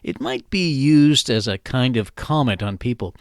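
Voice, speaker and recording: A man's voice: medium pitch, lively intonation, normal speed, no room sound, clean studio sound. A man hosting a scripted educational podcast, explaining phrases in a playful, jokey way. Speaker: podcast host.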